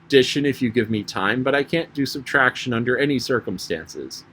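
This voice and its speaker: A man's voice: medium pitch, lively intonation, fairly quick, fairly bright tone, a little hiss or hum, natural voice. White Queen, a man doing a fussy, dithering queen. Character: fussy, anxious, scatterbrained old queen. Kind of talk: audiobook reading.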